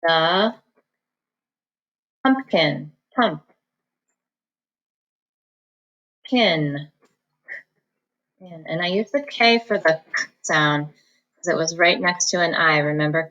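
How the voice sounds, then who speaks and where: Woman, teacher, online phonics lesson, low-pitched voice, sounding out syllables. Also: steady tone, a bit bright, dull audio. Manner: slow, deliberate dictation, sounding out syllables. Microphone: recorded at a computer for students at home.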